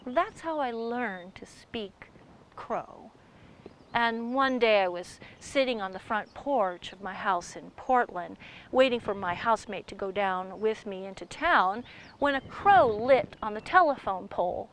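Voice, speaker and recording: A woman storyteller telling a tale in a playful, animated way, with sound effects. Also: medium pitch, measured pace, slight background noise, poor audio. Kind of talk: oral storytelling performance.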